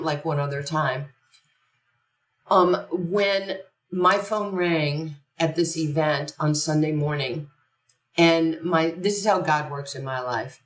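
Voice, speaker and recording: An older woman, a podcast guest, telling long stories in an animated, long-winded way. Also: deep voice. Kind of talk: conversational storytelling. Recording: echoey room, distant from the mic.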